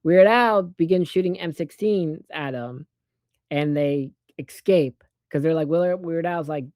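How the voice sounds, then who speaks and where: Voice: mid-range voice, a little mellow, dry recording. A person casually recapping a movie plot with profane, sarcastic asides and a rambling delivery. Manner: acts out characters' lines in quick put-on voices.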